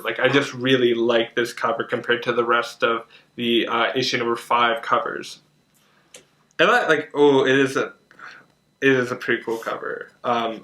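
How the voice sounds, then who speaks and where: A young man chatting casually while unboxing comics, excitable and full of fillers and gushing. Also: medium pitch. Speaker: comic collector vlogger. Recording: echoey room.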